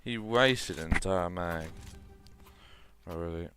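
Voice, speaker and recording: Young male gamer, low, bright-edged voice, lively excitable gameplay commentary on a desk mic. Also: slow, faint music behind. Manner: excitable, jokey, swears casually.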